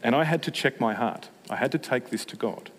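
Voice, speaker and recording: A man preaching a sermon at a mid-range pitch, mixing humor and self-mockery into his message. His voice carries a long reverb from a big hall. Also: a little fast, a little hiss or hum. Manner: humorous, self-mocking, with animated asides.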